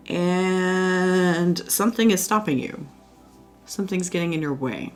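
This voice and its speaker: A woman's voice: on the low side, unhurried, faint music behind. A woman giving a casual tarot reading at home, chatty and reassuring, with lots of fillers. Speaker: tarot reader. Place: indoors at home by a window.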